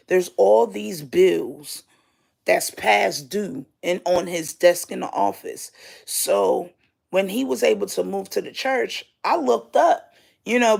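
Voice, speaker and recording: A woman's voice: mid-range voice, gravelly, a little mellow, slightly rough. A woman telling a personal dream story casually and candidly, swearing freely as she talks. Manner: slow and drawn out. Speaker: vlogger.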